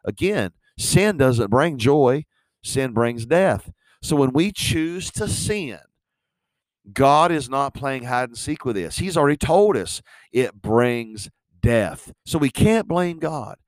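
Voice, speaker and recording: A man's voice: medium pitch, expressive, slow, no room sound. Earnest male preacher, dry sound. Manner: earnest, repetitive, rising to emphatic stresses. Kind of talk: sermon.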